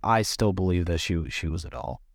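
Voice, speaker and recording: A man co-hosting a casual movie review podcast, relaxed and rambling with mild swearing. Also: deep voice, brisk, no room sound, studio quality. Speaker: podcast co-host.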